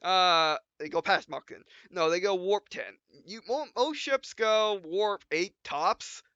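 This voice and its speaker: A man casually commenting on a game he is playing, rambling and correcting himself as he stumbles. His voice is high, bright and smooth. The recording is dry and slightly lo-fi. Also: animated, slow pace, no room sound. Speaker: let's play host.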